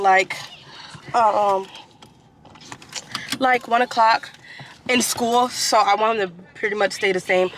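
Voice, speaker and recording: A woman's voice: medium pitch, fairly bright tone, slight background noise. A woman vlogging in casual, rambling chat full of fillers, sounding stuffy from allergies. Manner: chatty, rambling, with many fillers.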